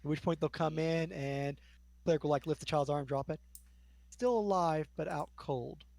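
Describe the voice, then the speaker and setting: A man's voice: a little high, normal speed, vocal fry, a little mellow, dry recording. A man acting as game master, narrating scenes in a casual tabletop role-playing session. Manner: casual, describing scenes at length.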